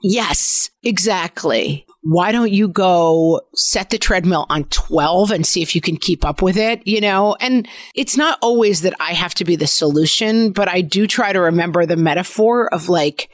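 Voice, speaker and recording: A woman's voice: on the low side, moderate pace, hardly any pauses, no echo. A woman in her forties co-hosting a podcast, chatting casually and telling stories from home. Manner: conversational, storytelling about parenting. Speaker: podcast co-host.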